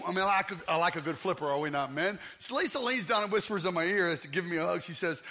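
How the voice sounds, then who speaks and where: Pastor, 50s, high voice, tells stories for laughs and plays out every scene. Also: male voice, animated, quick pace, hardly any pauses, sharp tone. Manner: comic storytelling, acts out scenes. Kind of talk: sermon. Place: church.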